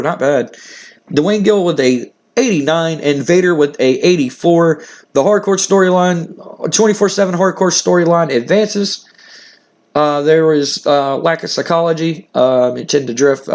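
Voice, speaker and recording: A man hosts a casual gaming video, recapping wrestling matches and backstage scenes in a loose, rambling way. His voice sits fairly high, full of fillers and restarts. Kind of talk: casual game playthrough recap.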